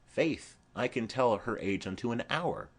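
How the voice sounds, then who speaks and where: A man's voice: medium pitch, animated, measured pace. A man reading the part of a fond, chattering elderly nurse in an audiobook of a play, rambling through long stories. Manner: rambling, digressive storytelling.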